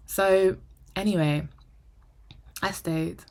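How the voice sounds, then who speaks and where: A young woman vlogger telling a personal story to camera, animated and acting out the dialogue. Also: deep voice, a little fast, gravelly. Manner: animated, acts out quoted dialogue; drops to a whisper for inner thoughts. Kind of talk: storytime monologue.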